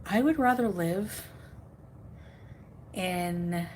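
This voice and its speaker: A woman's voice: on the low side, extremely slow, darkish tone, a little hiss or hum, rough recording. A woman livestreamer in a crude, angry rant who hurls insults and cuts off her own swear words mid-word. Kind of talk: ranting livestream monologue.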